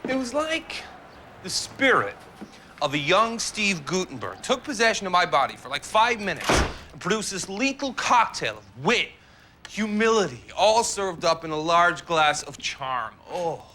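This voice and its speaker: A man's voice: high-pitched, big pitch swings, bright, forceful tone, slight background noise, full character voice. An actor playing an awkward cat owner who rambles and halts as he flirts. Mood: flirty. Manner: halting, rambling.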